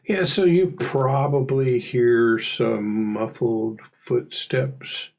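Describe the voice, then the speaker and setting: A man narrating as game master in a relaxed, rambling way. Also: medium pitch, very slow, gravelly, rough recording. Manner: relaxed, rambling, filler-heavy.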